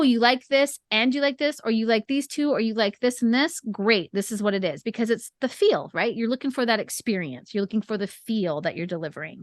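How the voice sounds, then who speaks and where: Bubbly woman with a high voice. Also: fairly bright tone, no room sound, clean studio sound. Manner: chatty, laughs often, acts out anecdotes. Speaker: podcast co-host and author. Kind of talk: casual chat, marketing advice.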